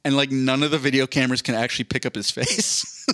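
A man chatting loosely as a podcast co-host, stumbling and restarting his sentences and laughing as he goes. His voice sits at an ordinary middle pitch. It is recorded close and dry, with no room sound. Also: fairly even intonation, brisk, pushed and bright, no room sound. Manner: rambling, profane, laughs mid-sentence. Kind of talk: casual chat.

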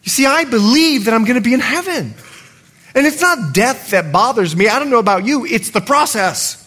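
A middle-aged man from the United States, a pastor preaching a sermon in a lively, humorous way. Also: very high-pitched, moderate pace.

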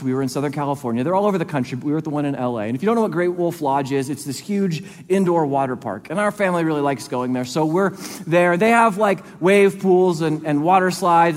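A man's voice: fairly high pitch, big-room sound. A man, a pastor, preaching a sermon in a conversational way, acting out quoted voices as he goes. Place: church sanctuary.

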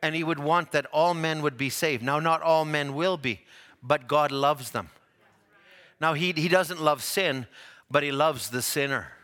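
A male preacher delivering a sermon with a bright, forceful voice that sits a little high. He tells stories animatedly, his voice climbing at dramatic points and sinking low and soft for tender ones. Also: measured pace. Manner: drops to soft low tones for tender quotes.

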